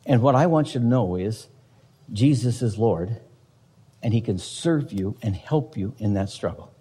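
A man's voice: on the low side, lively intonation, unhurried, mellow, slightly rough, big-room sound. A man preaching a sermon as pastor, emphatic, with rhetorical questions to the congregation.

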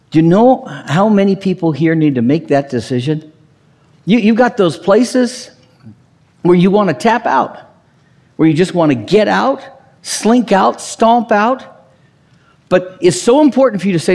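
A man preaching a sermon as pastor, emphatic, swinging from near-shouts down to low, quiet passages. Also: very animated, normal speed, in a large hall.

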